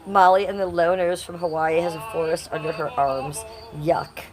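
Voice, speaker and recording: A woman's voice: low-pitched, steady tone, moderate pace, a crowd in the background. A woman hosting a casual livestream, reading chat comments aloud in a brash, crude and playful way. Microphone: phone.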